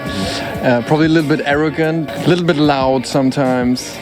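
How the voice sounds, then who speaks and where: A man's voice: fairly high pitch, steady tone, moderate pace, music in the background. A man from Germany, answering interview questions thoughtfully and hesitantly, with frequent fillers. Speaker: street interviewee.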